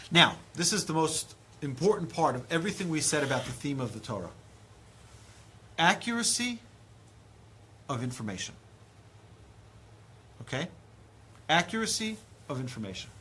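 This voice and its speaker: A man in his thirties, a rabbi giving a lively Torah lecture, acting out dialogue with big swings in pitch and loudness. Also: husky. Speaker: rabbi teaching a class.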